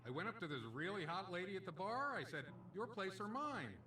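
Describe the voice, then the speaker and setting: A man's voice: high voice, expressive, brisk, sharp tone, reverberant, far from the mic, a little hiss or hum. An actor playing a cheesy male casino stand-up comedian, delivering punchy jokes and doing comic voices. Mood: brash.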